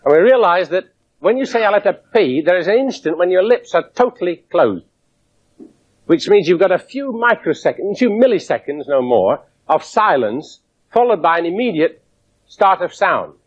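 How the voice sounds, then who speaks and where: A man lecturing to an audience in a lecture theatre, his voice sitting a little high and lively as he demonstrates with wry asides. The sound is dull and muffled, like an old 1970s broadcast. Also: normal speed. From England. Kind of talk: public science lecture.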